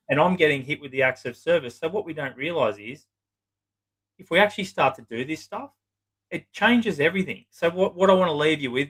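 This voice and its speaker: A man's voice: fairly high pitch, sharp tone, rough recording. A man, a psychotherapist guest, giving earnest, blunt relationship advice in casual talk, swearing now and then for emphasis.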